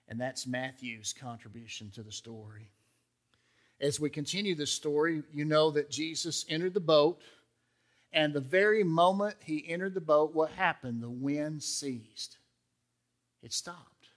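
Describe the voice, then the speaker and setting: A man's voice: fairly high pitch, unhurried. A male pastor preaching a sermon in a conversational way, acting out the quotes in character voices.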